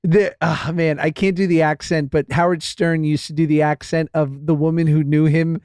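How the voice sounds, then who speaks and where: A man with a fairly high voice chats casually as a podcast co-host, riffing and joking. His voice is recorded close and dry, with no room sound. He sounds like he is in his thirties and is quick to laugh. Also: flat delivery, a little mellow, dry recording. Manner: playful, riffing, laughs easily.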